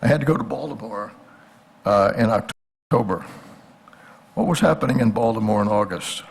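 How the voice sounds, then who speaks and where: Older man, gravelly, husky lecturing voice. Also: lowish voice, expressive, moderate pace. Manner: asks the audience rhetorical questions. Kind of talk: conversational history lecture.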